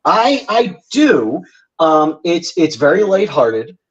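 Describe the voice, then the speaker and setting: A man's voice: a little high, sing-song, slow pace, husky, highs cut off. A man co-hosting a podcast in casual chat, easygoing and wry as he explains things. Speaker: podcast co-host.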